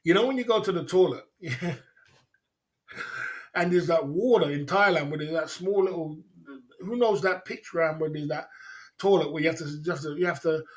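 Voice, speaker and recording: A man hosting a casual livestream, rambling and laughing a lot, with plenty of slang. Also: on the high side. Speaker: livestream host.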